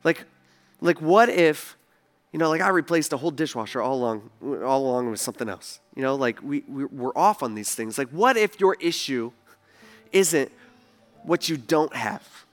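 A male pastor preaching a sermon in an animated way, acting out the voices he quotes and swinging between loud and soft. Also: mid-range voice, normal speed, faint music behind.

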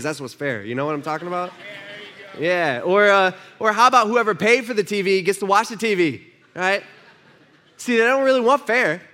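A male pastor preaches a sermon in church with a high, expressive, brisk voice and a sharp tone. He keeps it conversational, putting questions to the room and acting out the people in his story.

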